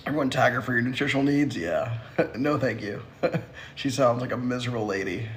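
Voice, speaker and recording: A man's voice: medium pitch, a little fast, fairly bright tone, slight background noise. A man hosting a casual livestream who answers viewer comments in a sassy, teasing way and laughs often. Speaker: livestream host.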